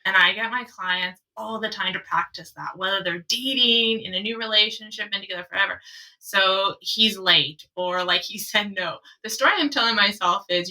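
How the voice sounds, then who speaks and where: A woman's voice: medium pitch, normal speed, sharp tone, distant mic, rough recording. A woman, a love coach guest in a casual podcast conversation, who laughs often and acts out her inner thoughts.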